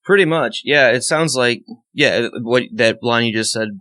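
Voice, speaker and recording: A man co-hosting a podcast as a first-time reader, chatting casually, animated, laughing often and acting out quoted lines with some swearing. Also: medium pitch, moderate pace.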